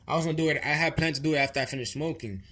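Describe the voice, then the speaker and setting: A young man tells a story straight to camera in loose, profane speech that keeps circling back and restarting. His voice sits a little high and comes out bright and forceful. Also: very fast. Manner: rambling, profane, repeats himself. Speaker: vlogger. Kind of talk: casual storytime monologue.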